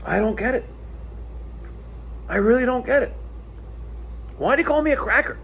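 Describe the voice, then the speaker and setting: A man telling a profane, animated story in a casual vlog rant. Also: very high voice, normal speed, vocal fry, slight background noise. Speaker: internet personality.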